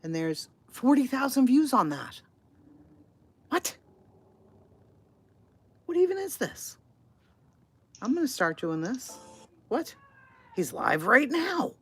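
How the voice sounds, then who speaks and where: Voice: mid-range voice, very animated, takes it slowly, pauses often, a bit bright, slightly rough. A channel host reacting in casual commentary, incredulous and swearing, firing off exclaimed questions.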